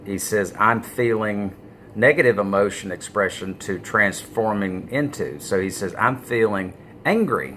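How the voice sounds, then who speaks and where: A man giving a casual vlog monologue about business, halting with many fillers and leaning hard on key words. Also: fairly low pitch, expressive, sharp tone, slight background noise. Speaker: business vlogger. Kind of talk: casual talking-head monologue.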